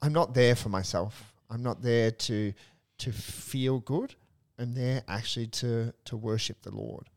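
A young adult male priest in casual faith discussion, earnest and animated, telling stories with a touch of humor. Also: medium pitch, unhurried, creaky. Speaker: Catholic priest, co-host.

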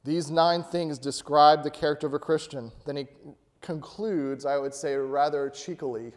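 A man's voice: a little high, steady tone, moderate pace. A male pastor preaching a sermon, asking his congregation questions and rising to emphatic peaks. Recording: long hall reverb.

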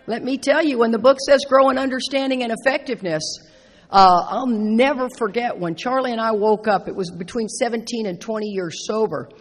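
A woman's voice: fairly high pitch, a little fast. Folksy middle-aged woman in a big hall. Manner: animated, emphatic, folksy, repeats phrases for stress. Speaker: speaker at a recovery convention. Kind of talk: personal recovery talk to an audience. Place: large indoor meeting hall. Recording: reverberant hall.

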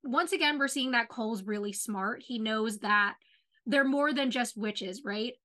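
A woman co-hosting a podcast, chatting casually about a TV show in an animated, opinionated way and saying "like" often. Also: fairly high pitch, unhurried. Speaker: podcast co-host.

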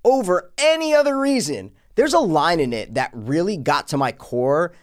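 A man co-hosting a casual movie podcast, venting with plenty of swearing. His voice sits a little high and swoops around with lively swings in pitch. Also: moderate pace. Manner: animated, profane, ranting. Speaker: podcast co-host. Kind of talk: casual movie review chat.

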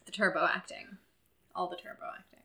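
A woman co-hosting a podcast in casual chat, playful and quick to joke. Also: fairly low pitch, level tone, sharp tone. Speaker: podcast co-host. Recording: roomy echo.

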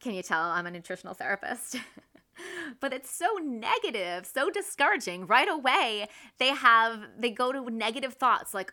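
A woman in her thirties hosting a casual, faith-based parenting talk, earnest and quick to act out her own everyday examples. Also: a little high, lively intonation, bright, forceful tone. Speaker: podcast host and mother.

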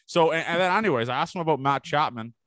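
A man's voice: on the high side, animated, fast talker, fairly bright tone, no room sound. Swearing, rambling man telling stories. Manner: rambling storyteller, swears a lot, acts out quotes. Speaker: podcast co-host. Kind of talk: casual chat.

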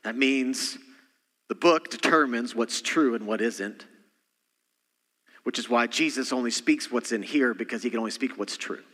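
Bright-voiced man preaching in a reverberant hall. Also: mid-range voice, normal speed. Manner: dynamic preaching, swings between loud emphasis and quiet asides. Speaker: senior pastor. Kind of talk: sermon.

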